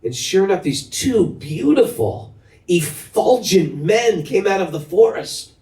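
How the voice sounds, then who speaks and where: A male spiritual teacher tells a story with lively, animated swings of pitch and frequent laughter. His voice sits a little high. The recording is roomy and taken from some distance. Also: measured pace. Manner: animated and humorous, laughing often. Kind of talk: storytelling talk.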